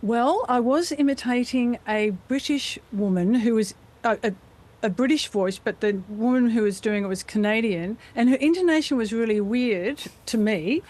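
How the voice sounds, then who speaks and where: A middle-aged Australian woman talking as a guest in a live news interview, chatty and playful, slipping into quick impressions. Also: a little high, a little mellow. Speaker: voice actor guest.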